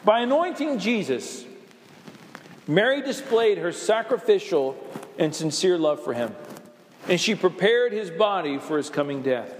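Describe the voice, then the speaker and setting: A man's voice: high-pitched, sing-song, unhurried, a little hiss or hum. A man preaching a sermon with passion, now and then acting out the voices he quotes. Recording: echoey hall reverb.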